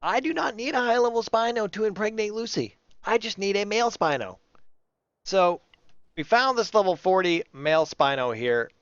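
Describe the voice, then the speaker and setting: Man doing casual game commentary, smooth clear voice, dry muffled recording. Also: sits high, lively intonation, moderate pace, a bit bright, no room sound. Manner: chatty and rambling, talks to himself and the animals. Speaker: gaming channel host.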